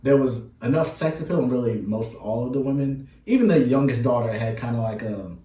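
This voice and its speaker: A man co-hosting a casual movie review chat, talking in a playful way with long drawn-out fillers. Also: medium pitch, expressive, warm tone, far from the mic. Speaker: podcast co-host. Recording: roomy, mic set back.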